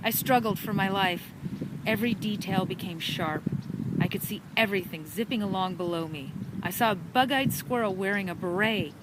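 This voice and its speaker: A woman reading a children's storybook chapter aloud with an animated, dramatic delivery, recorded outdoors in a park. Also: medium pitch, normal speed. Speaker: storybook reader. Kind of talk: expressive storybook narration. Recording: outdoor park with traffic noise.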